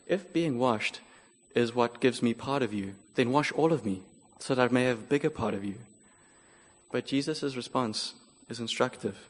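A man delivers a sermon in a measured, earnest manner, working through a scripture passage point by point. His voice sits at a middle pitch. The sound carries the long reverb of a large church hall. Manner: measured, earnest expository preaching. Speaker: preacher.

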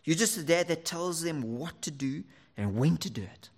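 A man preaching a sermon to fathers, earnest and lively, sometimes dropping almost to a whisper for emphasis. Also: on the high side, normal speed, breathy edge, in a large hall.

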